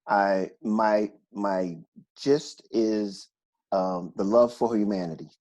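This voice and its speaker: A man who teaches motivation and inspiration, speaking as a guest on a casual video call in a calm, earnest, reflective way. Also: on the low side, slow pace.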